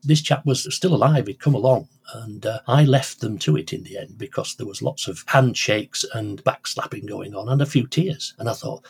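A man's voice: lowish voice, moderate pace, vocal fry, hardly any pauses, breathy edge. An older man, a radio presenter and collector, telling rambling anecdotes in an interview with many restarts. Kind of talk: conversational interview storytelling.

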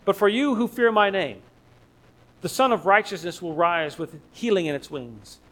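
Male pastor with a high, light voice; delivers a sermon with emphatic, repetitive phrasing. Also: animated, moderate pace, fairly bright tone, rough recording. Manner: emphatic, repeats key phrases for stress. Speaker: preacher. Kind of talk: expository sermon.

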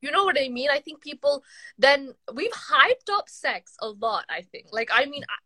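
A young woman with a bright, sharp-edged voice and a slightly high pitch, chatting casually on a podcast. She talks in loose, rambling sentences full of "like," often restarting her thoughts. The sound is dry and close. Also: sing-song, normal speed, no echo. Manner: chatty, heavy use of "like", trails off and restarts. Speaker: podcast co-host. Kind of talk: casual chat.

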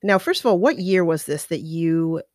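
A woman hosting an interview podcast, bubbly and excitable, laughing often as she chats with her guest. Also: deep voice, moderate pace, dry recording, clean studio sound. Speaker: podcast host. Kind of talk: upbeat interview chat.

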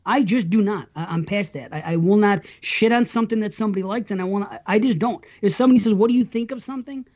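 Easygoing and rambling, a man hosts a casual podcast chat, telling stories and laughing often. His high voice moves at a quick pace and sounds a little mellow, though the audio is slightly muffled.

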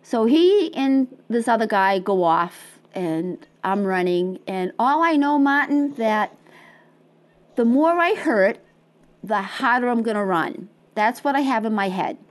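A woman's voice: a little high, expressive, measured pace. A woman from Quincy, Massachusetts, telling a story as an interview guest, acting out dialogue and laughing often. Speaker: interview guest, marathon runner. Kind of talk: animated storytelling.

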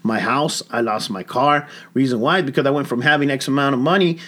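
A man's voice: mid-range voice, fairly quick, fairly bright tone. A young adult man, a stand-up comedian, telling a rambling story with lots of swearing in casual podcast chat.

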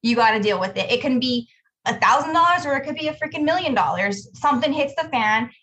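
A woman's voice: high-pitched, quick pace, rough recording. A woman who owns a business, telling a story in a casual podcast conversation and quoting herself as she goes. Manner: storytelling, animated, quotes herself. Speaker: business owner, podcast co-host.

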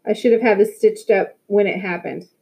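A woman's voice: mid-range voice, steady tone, normal speed, vocal fry, warm tone, natural voice. A woman voicing a firm soccer coach. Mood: concerned. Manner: firm, matter-of-fact.

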